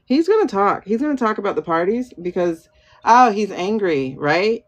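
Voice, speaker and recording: This medium-pitched, expressive woman talks at a moderate pace while hosting a tarot livestream on her phone. She reads tarot and uses a pendulum, wondering aloud, addressing viewers by name, and answering her own questions.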